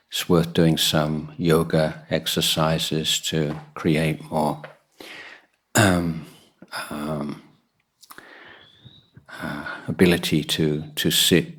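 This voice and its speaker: A man, a Buddhist monk, giving a guided meditation talk at a retreat, pausing often with soft fillers. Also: a bass voice.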